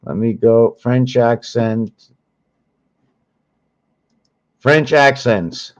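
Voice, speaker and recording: A man hosting his own channel, talking viewers through his screen slowly as he searches for things, rambling and correcting himself along the way. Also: medium pitch, lo-fi sound. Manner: slow, rambling, searching aloud with many pauses and self-corrections. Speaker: channel host teaching on screen. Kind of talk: thinking-aloud screen walkthrough.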